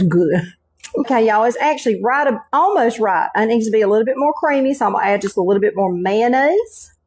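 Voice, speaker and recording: A middle-aged woman with a Southern Carolina accent, originally from North Carolina, runs a home cooking demonstration on her channel. Her husky voice is on the high side, animated and fairly quick, with a darkish tone. She's folksy and chatty, forever saying "y'all" and "okay."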